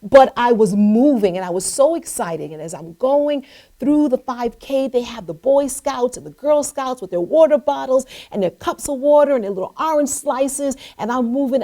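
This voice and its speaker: A middle-aged woman hosting a show, telling an inspirational personal story and acting out the voices of the people in it. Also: fairly high pitch. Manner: animated, acts out voices in her story. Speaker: host.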